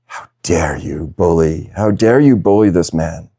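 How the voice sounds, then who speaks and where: A man voicing an indignant male train passenger who scolds in a slow, half-whispered tone during a told story. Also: low-pitched, dark tone.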